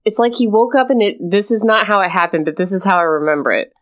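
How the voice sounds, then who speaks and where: A young woman co-hosting a podcast, telling an exasperated story in casual chat and mimicking her partner's flat replies. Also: mid-range voice, fast talker. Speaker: podcast co-host.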